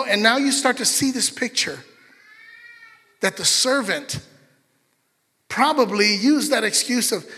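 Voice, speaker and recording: A man preaching a sermon in an animated, conversational way, with chatty asides to the congregation. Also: sits high, moderate pace, long reverb tail. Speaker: pastor.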